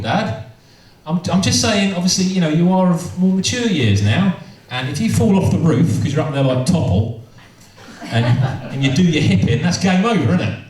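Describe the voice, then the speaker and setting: This man has a fairly high but darkish voice, doing stand-up storytelling that rambles, repeats, and breaks off into amused asides. The recording sounds far away in an echoey space.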